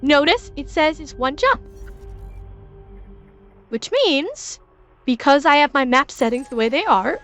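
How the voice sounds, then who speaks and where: A high-voiced woman streamer explains things step by step in a chatty way, her pitch bouncing all over. She talks straight to her chat while she plays, with faint music running underneath. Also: lively intonation, unhurried, pauses often, fairly bright tone. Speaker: game streamer teaching a lesson. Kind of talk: casual livestream tutorial.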